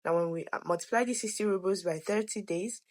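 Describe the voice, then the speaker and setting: A slightly hoarse woman, an education consultant, talking the viewer through figures in a conversational explainer video. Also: mid-range voice, fast talker, darkish tone.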